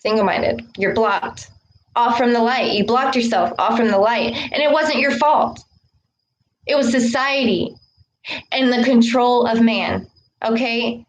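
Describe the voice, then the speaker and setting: A woman giving a casual spiritual talk to camera, preaching with a steady stream of "okay" and "all right". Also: on the high side, unhurried, dull audio, slight background noise. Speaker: spiritual vlogger.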